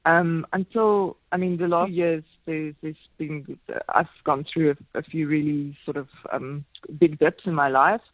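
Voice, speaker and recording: A woman in her forties, a radio guest telling stories in a lively, self-deprecating way, laughing often. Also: low-pitched, a little slow, few pauses, dry recording, phone-quality sound. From South Africa. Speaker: marathon swimmer and speaker, radio guest. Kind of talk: casual radio interview chat. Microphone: phone line into radio studio.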